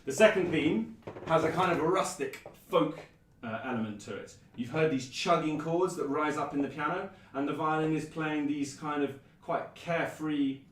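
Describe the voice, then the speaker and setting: A man presenting and explaining a piece of classical music in a thoughtful, measured way, with frequent ums. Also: a little high, slight background noise. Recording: roomy echo, mic at a distance.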